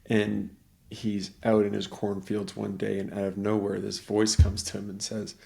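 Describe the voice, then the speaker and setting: A man's voice: on the low side, monotone, normal speed, gravelly, dark tone. A middle-aged man in casual conversation, telling a rambling story and acting out the voices of the people in it.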